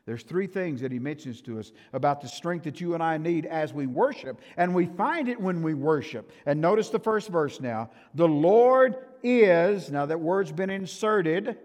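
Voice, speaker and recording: An older male pastor preaching a sermon, emphatic and swinging from loud to soft, in a church sanctuary. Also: a little high, animated, moderate pace, hardly any pauses. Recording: reverberant church hall.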